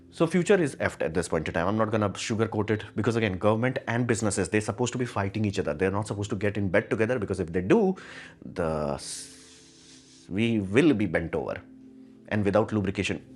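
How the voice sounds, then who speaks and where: Ranting low-voiced man. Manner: ranting, sarcastic, acts out quoted people. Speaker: tech commentary host. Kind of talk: opinionated monologue.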